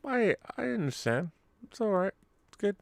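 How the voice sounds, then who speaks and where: A man's voice: sits high, very animated, moderate pace, gravelly, no room sound, studio quality. A man hosting a casual live-streamed show, reading out viewer tips and getting flustered by his co-host's jokes. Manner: flustered, exclaiming, stammering restarts. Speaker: podcast host.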